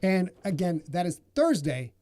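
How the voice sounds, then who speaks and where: A man's voice: high voice, sing-song, a little slow, dark tone, no room sound. A man hosting a podcast in casual chat, joking and swearing freely. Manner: joking, profane, blustery. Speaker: podcast host.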